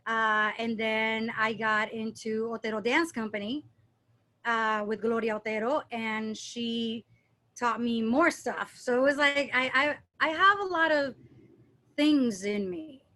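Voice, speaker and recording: A woman with a high, bright-sitting voice talks through her dance past in a relaxed interview. She is lively and playful, slipping into accent impressions as she tells stories. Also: unhurried. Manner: animated storyteller, mimics accents playfully. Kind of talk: casual interview chat.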